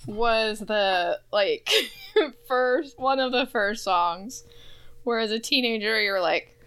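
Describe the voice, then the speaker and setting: A woman's voice: a little high, slow, a bit bright, clear, resonant tone. A woman co-hosting a podcast in casual chat, laughing often and teasing. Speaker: podcast co-host.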